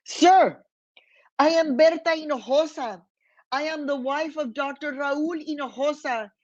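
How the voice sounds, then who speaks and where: A woman's voice: high voice, fairly even intonation, measured pace, dry recording, voice pushed up. A woman voicing a petite mother who firmly and formally stands up to an immigration agent to protect her child. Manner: firm, formal, fiercely protective. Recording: dull, lo-fi, dry.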